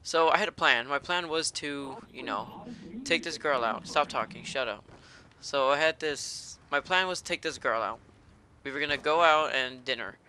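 A man's voice: a little high, normal speed, sharp tone. A man doing live gameplay commentary, ranting and cursing in a fired-up rage. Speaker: gaming commentator.

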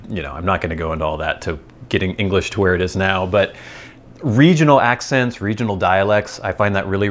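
American guy just rambling at the camera, kinda low voice, chatty and amused. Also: slight background noise. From United States. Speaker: host. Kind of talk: casual rambling monologue.

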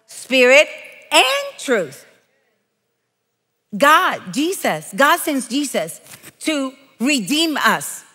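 High, bright-voiced woman preacher. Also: long reverb tail. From Puerto Rico. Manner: animated, playful, emphatic preaching with quoted asides. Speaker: guest preacher. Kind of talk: lively storytelling sermon.

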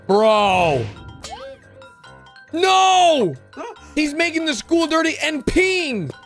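Excitable man with a wildly swinging pitch. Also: slow. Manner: excitable, exclamatory, talks to viewers as "bro" and "guys". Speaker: reaction video host. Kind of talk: reacting to animated clips. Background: music.

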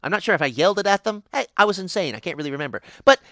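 Ancient unhinged pixie, voiced by a man: lively pitch that leaps into squeals, bright edge, dry close sound. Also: racing, dry recording, exaggerated voice. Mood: giddy rambling. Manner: rambling, giddy, sudden high squeals. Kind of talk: character monologue for fan animation.

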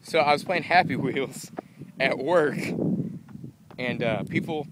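A tired young man rambling goofily to a handheld camera outdoors in a casual vlog, breaking into excited yelps. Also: mid-range voice, slow, long pauses, a little hiss or hum. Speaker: vlogger.

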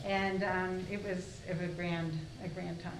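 A woman in her sixties telling a lively story on a panel, acting out what people said. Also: lowish voice, normal speed. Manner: animated, acting out quoted dialogue. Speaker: former liaison team member. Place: museum event hall. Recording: echoey room, faint noise.

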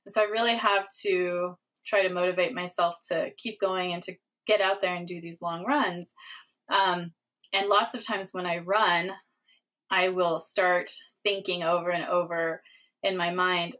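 Lively woman podcast host, laughing often. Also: on the low side, a little slow. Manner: animated, laughs often, acts out her own thoughts. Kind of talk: casual conversational interview.

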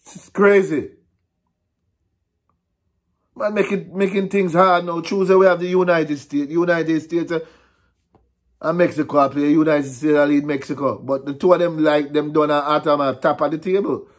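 Sex: man. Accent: Jamaican. Role: vlogger. Style: frustrated, repetitive rant in patois and English. Pitch: fairly high for a man. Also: fairly even intonation, normal speed. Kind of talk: ranting vlog.

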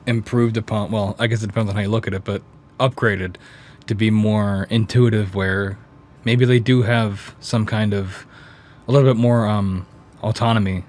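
A man in casual podcast conversation, relaxed, often hedging with "like" and "you know". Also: lowish voice, normal speed. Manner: relaxed, laughs while retelling, hedges with "like". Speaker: podcast co-host.

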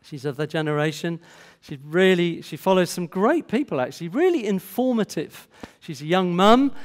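Older guy preaching in church, pretty high voice, chatty, asks the room questions, long reverb. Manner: conversational, asks the congregation questions. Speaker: pastor. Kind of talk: sermon. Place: church hall.

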